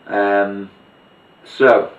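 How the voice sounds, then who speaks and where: A low-voiced man talks through a card trick step by step, chatty and hands-on as he demonstrates. He sits back from the mic in a roomy space, and the recording sounds dull and muffled. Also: flat delivery, drawn-out words, recorded from a distance. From Liverpool, England. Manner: chatty, step-by-step explaining while handling cards. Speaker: magician teaching a card trick. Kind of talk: demonstration tutorial.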